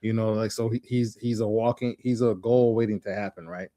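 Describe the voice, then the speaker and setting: A man co-hosting a casual sports talk show, giving his opinions in halting, restart-filled speech. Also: fairly low pitch, steady tone, dark tone, no room sound, clean studio sound. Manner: halting, many restarts and "you know"s. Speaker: podcast co-host.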